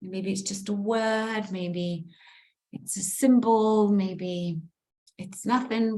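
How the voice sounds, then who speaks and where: Gentle, playful woman hosting a video call. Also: on the high side, fairly even intonation, slow. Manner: gentle, playful, encouraging, hums and laughs. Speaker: host of an online women's circle. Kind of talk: guiding a group video call.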